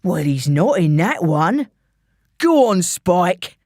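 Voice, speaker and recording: A woman's voice: on the low side, big pitch swings, darkish tone, dry recording, studio quality, exaggerated voice. Woman doing a taunting London gangster. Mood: menacing. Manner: slow, mocking, threatening drawl. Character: menacing male London gangster, taunting and cruel.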